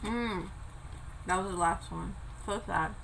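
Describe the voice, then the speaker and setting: A woman's voice: on the low side, slow pace, creaky, background noise. A young woman chatting casually while eating on camera, telling a travel story and swearing now and then. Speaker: vlogger. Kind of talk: casual mukbang chat.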